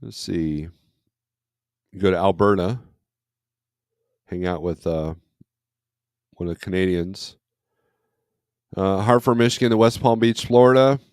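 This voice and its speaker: A man's voice: deep voice, fairly even intonation, unhurried, long pauses, darkish tone, clear, resonant tone, no room sound, clean studio sound. A man hosting a casual morning livestream from home, rambling along and reading viewer comments aloud. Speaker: livestream host, trucker. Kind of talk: casual chat. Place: at home, not in a truck.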